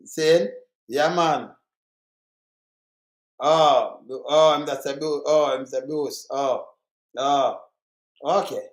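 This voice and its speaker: A man with a Jamaican accent hosting an angry political rant, reading out statistics, heated and repetitive, cursing and bursting into shouts. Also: medium pitch, extremely slow, long pauses, reverberant. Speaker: channel host commenting on murder statistics.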